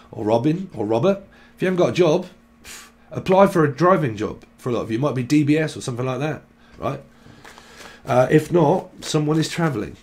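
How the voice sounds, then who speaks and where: A man's voice: mid-range voice, darkish tone, a little hiss or hum. Rambling man doing a tarot reading. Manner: free-associating, joking, lists names and words. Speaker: tarot reader.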